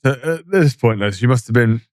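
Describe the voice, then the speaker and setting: A man's voice: mid-range voice, animated, fairly quick, dry recording, studio quality. A man hosting a podcast interview, supportive, finishing the guest's thoughts and asking short questions. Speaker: podcast host. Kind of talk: conversational interview.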